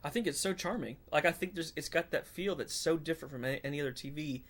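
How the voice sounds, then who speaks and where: A man's voice: a little high, quick pace, a bit bright. A man co-hosting a podcast, chatting casually and rambling through stories. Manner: rambling, easygoing storytelling. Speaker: podcast co-host. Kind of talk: casual chat.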